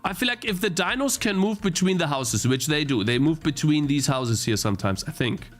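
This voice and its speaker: Over soft background music, a young man talks briskly and animatedly while live-streaming his gameplay, his voice on the high side. He narrates his thoughts, keeps starting sentences over and is quick to get frustrated.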